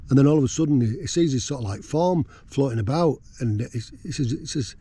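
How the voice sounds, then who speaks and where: A man's voice: mid-range voice, expressive, brisk, mellow, breathy edge. Rambling man chatting in a tent. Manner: rambling, chatty, many fillers. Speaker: vlogger. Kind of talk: casual outdoor chat. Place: tent on a windy hill.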